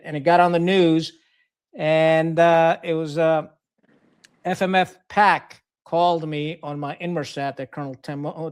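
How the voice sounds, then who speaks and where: Lively storytelling man, fairly high voice. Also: clean tone. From Pakistan. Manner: lively storyteller, acts out quoted dialogue, blunt and profane. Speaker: guest, retired Marine officer. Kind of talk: casual anecdote telling.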